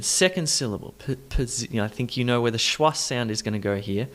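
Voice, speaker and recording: A man teaching an English pronunciation lesson, explaining directly to learners and repeating words slowly to model syllable stress. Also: mid-range voice, animated, a bit bright.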